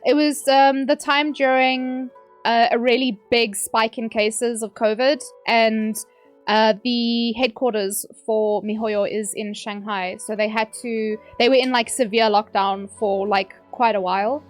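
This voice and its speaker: A woman's voice: a little high, level tone, unhurried, faint music behind. Chatty young woman game streamer. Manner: chatty and ranting, with sudden yelps at the game. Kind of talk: casual live-stream chat while gaming.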